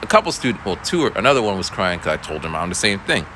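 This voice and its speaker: A young man tells a rambling, laid-back teaching story with a bright, lively voice that rises and falls a lot. Faint traffic noise sits behind him. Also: low voice, racing, poor audio. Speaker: schoolteacher. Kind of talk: casual storytelling vlog.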